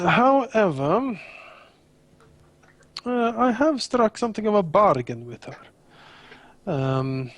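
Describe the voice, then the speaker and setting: Player doing a polite honor-bound man, formal but halting, lively pitch, dry close mic. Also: no room sound. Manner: formal, courteous, hesitant with many fillers. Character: Raphael, courteous honor-bound adult man. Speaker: tabletop player.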